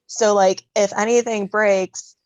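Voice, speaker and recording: A woman's voice: mid-range voice, steady tone, slow, darkish tone, no echo, dull audio. Brief: woman podcast guest, casual storyteller, dry close mic. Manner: chatty, laughs often, storytelling. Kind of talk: casual conversation.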